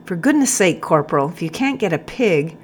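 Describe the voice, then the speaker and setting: A woman's voice: lowish voice, big pitch swings, brisk, husky. A woman voicing a blustering, pompous male army captain who thunders his orders. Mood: exasperated. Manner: thundering, commanding.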